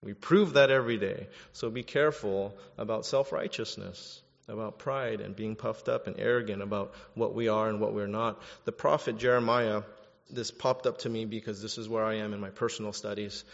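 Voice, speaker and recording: Animated male pastor preaching in a hall. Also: lowish voice, moderate pace, vocal fry. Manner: animated, jokey, swings from quiet to loud. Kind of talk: sermon. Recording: dull sound in a reverberant hall.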